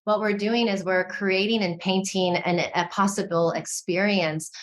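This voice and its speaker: A woman speaking as a podcast guest, expressive and animated, with lots of "like" fillers. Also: mid-range voice, unhurried. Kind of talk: conversational podcast interview.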